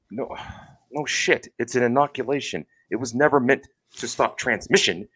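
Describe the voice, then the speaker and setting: A man's voice: medium pitch, animated, normal speed, sharp tone, husky. A man co-hosting a podcast, talking in a loose, sarcastic, rambling way. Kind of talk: casual chat.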